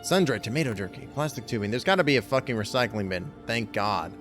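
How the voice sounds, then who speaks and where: A man's voice: mid-range voice, lively intonation, fast talker, few pauses, faint music behind. A young man swearing and joking sarcastically as he plays a game on a live stream. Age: young adult.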